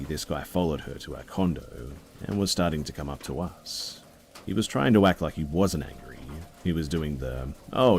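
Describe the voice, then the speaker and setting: Very deep-voiced male story narrator. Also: a little mellow, slight background noise. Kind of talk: reading a story aloud.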